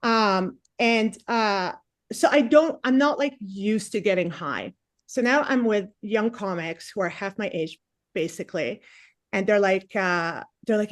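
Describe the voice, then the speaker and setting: Forties female comic, rambling self-mocking storyteller, mid-pitched voice, dry close recording. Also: moderate pace, dry recording. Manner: chatty, self-mocking, acts out quotes. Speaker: stand-up comedian. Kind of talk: stand-up comedy storytelling.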